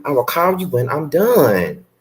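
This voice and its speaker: A woman giving a blunt, sassy live recap, swearing freely and breaking into sharp outbursts. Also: sing-song, measured pace, a little hiss or hum. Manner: rants with sudden high-pitched outbursts. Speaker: live-stream show reviewer. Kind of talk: unscripted live recap commentary.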